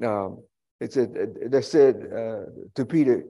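A male pastor delivering a sermon in a dark, mellow voice. He talks to the congregation in a folksy, chatty way, drifting into humorous asides and plain everyday comparisons. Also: medium pitch, slow, creaky.

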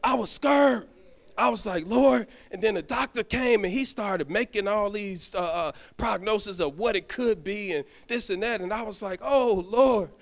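Man, church deacon, sermon, high voice, stammering restarts, storytelling to the congregation. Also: moderate pace, few pauses, a bit bright. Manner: addresses the congregation directly. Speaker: deacon preaching. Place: church sanctuary.

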